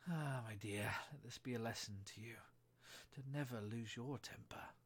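An old mother crab who moralizes in a hushed, breathy voice as a man puts her on. She sounds like a storybook elder handing out advice. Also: medium pitch, normal speed.

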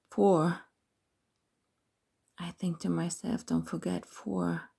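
A woman telling a first-person erotic story as a whispered role-play, in a soft, intimate whisper. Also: on the low side, level tone, slow, gravelly, pauses often, husky. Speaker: narrator of an erotic audio story.

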